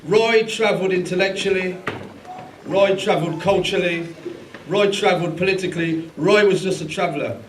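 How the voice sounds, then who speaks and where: A man's voice: high voice, steady tone, normal speed, slight background noise. A man hosting a live tribute event, rousing the audience with questions. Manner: rousing, asks the crowd questions. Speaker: event host. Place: large hall at a live event. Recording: echoey hall, far from mic, crowd.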